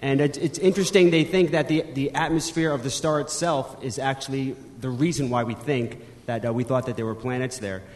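A man's voice: mid-range voice, steady tone, brisk, hardly any pauses. A male co-host chatting casually about science on a live stage, self-deprecating and full of restarts. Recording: reverberant live hall.

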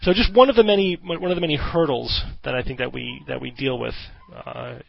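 A man's voice: mid-range voice, brisk, gravelly, husky. Earnest man hosting a podcast. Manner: earnest and explanatory, with hesitant restarts. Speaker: podcast host. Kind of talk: casual discussion. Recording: dull dry audio.

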